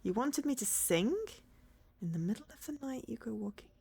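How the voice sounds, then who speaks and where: A woman's voice: on the high side, lively intonation, normal speed, gravelly, a little mellow, husky. Chatty woman streamer who laughs often. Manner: chatty and rambling, laughs often, hums and sings snatches of songs. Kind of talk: casual live-stream chat with viewers. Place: home.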